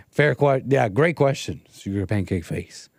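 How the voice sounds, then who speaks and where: A man's voice: mid-range voice, expressive, a little slow, vocal fry, no room sound, clean studio sound. A man hosting a solo livestream, talking over a played clip with sarcastic, mocking commentary into a desk mic. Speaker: livestream host. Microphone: desk mic, streaming solo.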